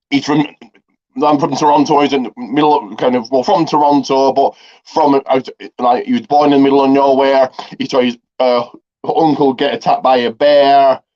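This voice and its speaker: Man, casual movie review, mid-pitched voice, rambling, lots of ums, slightly muffled recording. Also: darkish tone. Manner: rambling, heavy on fillers and restarts. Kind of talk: casual plot retelling. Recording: slightly dull lo-fi audio.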